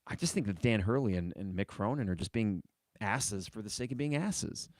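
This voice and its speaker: A man's voice: lowish voice, expressive, moderate pace, a little mellow, no room sound, studio quality. A man hosting a sports podcast alone, talking casually in a rambling, opinionated way and answering viewer comments. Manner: rambling, opinionated, reads live chat comments. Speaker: podcast host.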